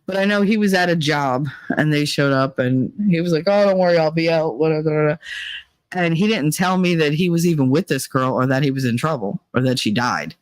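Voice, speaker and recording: A woman's voice: low-pitched, moderate pace, dry recording. A middle-aged woman hosting a casual chat stream, telling candid, profane stories and acting out the people in them. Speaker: livestream host.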